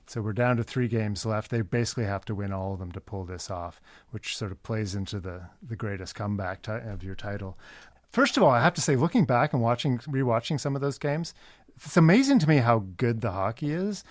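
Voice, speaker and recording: A man's voice: medium pitch, expressive, a little fast, no echo. A man hosting an interview, talking in an affirming, conversational way. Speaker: podcast host.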